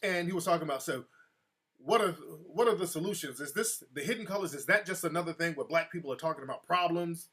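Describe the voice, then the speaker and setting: A man talks casually on his own live show, spinning a story in a loose, streetwise voice that sits a little higher than most men's. He keeps his delivery animated and breaks off now and then to answer his listeners. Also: fast, slightly rough. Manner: replies to live chat mid-story. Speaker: show host.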